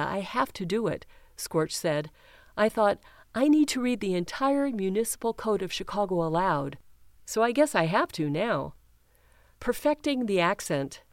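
Woman, news reader, measured and even, smooth clear voice, dry close recording. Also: medium pitch, dry recording. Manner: measured, even, reads quotes without acting them. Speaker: reader of an audio-described news story. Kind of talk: scripted news narration with image description.

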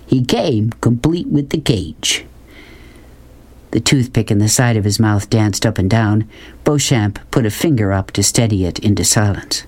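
The clip features a man narrating a novel for an audiobook, his voice on the low side. He tells the story in a measured, expressive way.

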